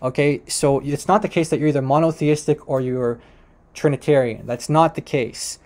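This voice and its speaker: A man's voice: a little high, normal speed, darkish tone. A man commentating on a video clip he plays, making critical points with emphatic repetition. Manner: emphatic, repeats points for stress.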